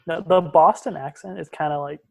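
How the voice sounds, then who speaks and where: A man's voice: fairly high pitch, fairly quick, vocal fry. A young man from Maine co-hosting a college radio podcast, rambling casually with lots of restarts and hedges. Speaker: podcast co-host. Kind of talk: casual chat.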